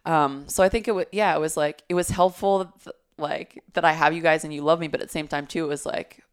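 A woman's voice: sits low, fairly even intonation, a little fast, clear, resonant tone. A woman talking in a casual, heartfelt conversation, reflective and searching, with lots of "like" and fillers.

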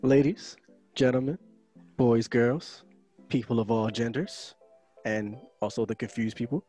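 A man's voice: mid-range voice, a little slow, dark tone, soft background music. A man hosting a podcast, opening the show and bantering casually with his co-hosts. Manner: joking, laid-back banter. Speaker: podcast host. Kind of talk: casual chat.

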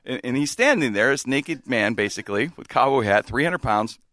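An animated man spins a long story in casual chat, his pitch leaping around as he shouts out quoted lines and laughs. His voice is bright and forward, recorded dry and close. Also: brisk, no echo. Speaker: podcast host.

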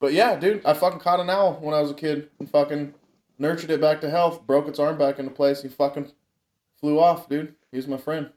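A man's voice: on the high side, fairly even intonation, a little fast, a little mellow. A young man telling a wild childhood story in casual, profane chat, laughing often.

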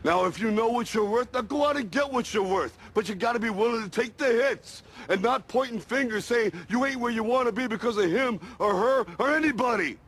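A gritty aging boxer lecturing hard. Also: male voice, very high voice, fairly quick, hardly any pauses, breathy edge, full character voice. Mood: stern. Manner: gritty, slangy, building to forceful. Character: aging male boxer giving a gruff pep talk. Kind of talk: film monologue.

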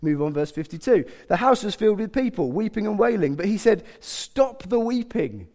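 Male preacher, middle-aged, slightly high voice, sermon with long hall reverb. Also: fast talker. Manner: animated, conversational, acts out quotes with humour.

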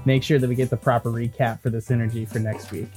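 A man runs a tabletop game as dungeon master and hosts the podcast, chatting casually with his players. He jokes around and swears freely, in a middle-pitched voice with faint music behind him. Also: little pitch movement, quick pace, darkish tone, breathy edge.

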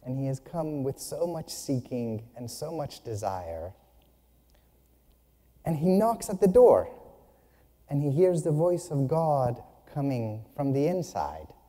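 Male speaker, unhurried humorous storyteller, lively pitch, reverberant hall. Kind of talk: spiritual talk with storytelling.

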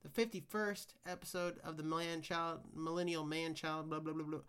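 A man's voice: fairly high pitch, normal speed. A young man hosting a solo podcast, rambling and ranting casually with lots of swearing. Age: young adult. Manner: profane, rambling, animated ranting. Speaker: podcast host.

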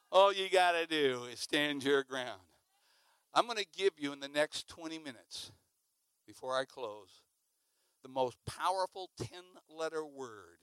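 A high-voiced, bright man preaching in an animated storytelling way. He acts out sounds and breaks into shouts mid-story. The recording is dry and close. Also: clear, resonant tone, no echo. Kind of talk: sermon storytelling.

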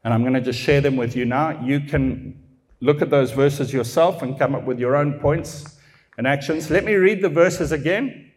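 A man preaching a sermon, reading scripture slowly and deliberately, swinging between soft asides and raised, emphatic exhortation. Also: mid-range voice.

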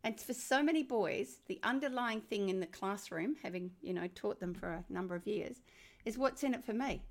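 Animated older Australian woman. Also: normal speed. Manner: animated, emphatic, rising to high exclamations. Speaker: former teacher and education guest. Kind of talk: conversational interview.

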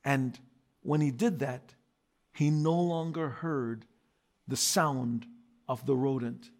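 A man preaching a sermon as pastor, swinging from loud emphatic repetition to quiet dramatic storytelling. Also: medium pitch, slow pace.

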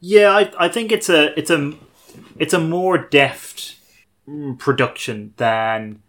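Speaking slowly in a slightly high, somewhat bright voice, a man hosting a podcast casually reviews a TV episode. His manner is thoughtful and wry, and he frequently corrects himself partway through sentences.

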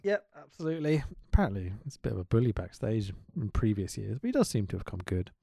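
Animated, profane man ranting. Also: on the low side, fast, creaky, no room sound, studio quality. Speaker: wrestling podcast co-host. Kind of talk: casual podcast chat.

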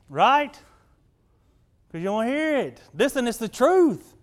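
A man's voice: extremely high pitch, big pitch swings, very slow, long pauses. A male pastor preaching a sermon in a folksy, conversational way, often checking in with the congregation. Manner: folksy, conversational, keeps asking the congregation "right?".

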